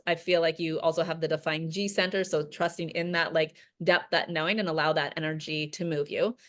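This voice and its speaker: Woman coach on a video call, earnest and reflective, says "like" a lot, slightly low voice. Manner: earnest, reflective, heavy use of "like".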